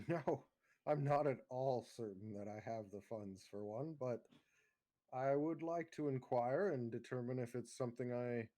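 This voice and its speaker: A man's voice: mid-range voice, measured pace, mellow, no room sound. A man speaking in character as a tabletop game player, eager and stammering through restarts. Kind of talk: in-character tabletop role-play.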